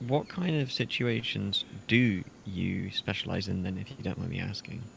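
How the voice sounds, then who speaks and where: A man's voice: deep voice, moderate pace, vocal fry, a bit bright, slight background noise. A man playing a tabletop game, asking hesitant, probing questions in character. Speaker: player.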